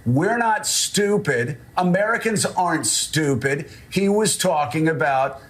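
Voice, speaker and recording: A man's voice: on the high side, lively intonation, measured pace, fairly bright tone. A man giving blunt, exasperated political commentary.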